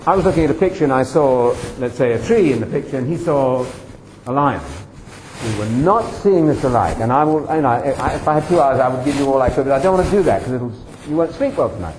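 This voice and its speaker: A man's voice: fairly high pitch, a little mellow. An older man giving a personal testimony to a congregation, emphatic and addressing the listeners directly. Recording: roomy echo, faint background noise.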